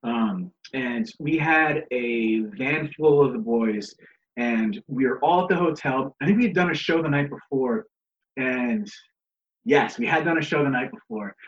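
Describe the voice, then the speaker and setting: A man's voice: medium pitch, measured pace. Swearing man laughing thru his wrestling stories, dull lo-fi sound. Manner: profane, laughing, acts out others' lines. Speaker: guest, pro wrestler. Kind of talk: casual storytelling.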